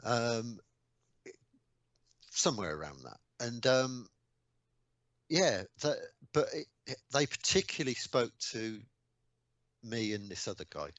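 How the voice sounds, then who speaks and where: A man in his sixties from England, a radio guest recounting old memories casually, with lots of ums and mounting excitement. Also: mid-range voice, slow pace, pauses often, no room sound. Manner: animated anecdotes, rising excitement, frequent ums. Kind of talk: casual storytelling interview.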